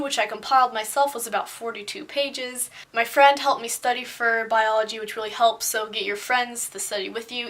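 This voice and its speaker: A young woman talks straight to her viewers in a chatty, candid vlog. She is pitched a little high and sounds bright and forceful, and she scatters fillers and restarts through her talk. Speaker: vlogger. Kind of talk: casual talking-head vlog.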